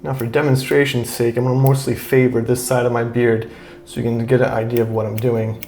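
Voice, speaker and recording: Man, gravelly voice, laid-back how-to vlogger, roomy echoey room. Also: mid-range voice, little pitch movement, fairly quick, a little mellow, soft background music. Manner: easygoing, chatty, repeats himself with fillers. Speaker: beard grooming vlogger. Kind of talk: relaxed how-to talk while trimming.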